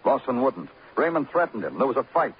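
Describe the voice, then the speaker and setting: An actor playing a shrewd detective who lays out a case in a calm, clipped, methodical way in an old radio drama. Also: male voice, medium pitch, brisk, breathy edge. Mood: firm. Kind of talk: 1940s radio acting. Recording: muffled old radio broadcast.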